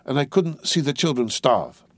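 A man's voice: medium pitch, expressive, moderate pace, no echo, close to an everyday voice. A man reading aloud, voicing a weary, desperate young woman in a raised, pleading tone. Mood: strained.

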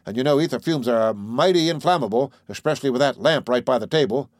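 A man's voice: medium pitch, quick pace, dry recording, clean studio sound, close to an everyday voice. A man reading aloud, voicing a blunt, fearless country doctor who talks in clipped, matter-of-fact bursts.

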